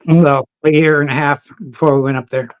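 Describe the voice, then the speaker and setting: On a podcast, a male guest with a slightly high, smooth voice speaks briskly. The recording has no room sound and its highs are cut off. He swaps animated, casual stories packed with swearing and laughs.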